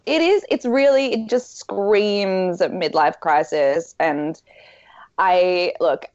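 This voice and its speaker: A woman's voice: on the low side, slow pace, darkish tone, no room sound, muffled recording. A woman with an Australian accent, chatting candidly and self-deprecatingly as a podcast co-host. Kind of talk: casual chat.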